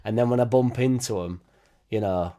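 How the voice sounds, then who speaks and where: A blunt, sweary man, ranting casually to camera. His pitch sits in a middling range, and he keeps slipping into mocking impressions of other people. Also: moderate pace, dark tone. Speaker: football fan channel host.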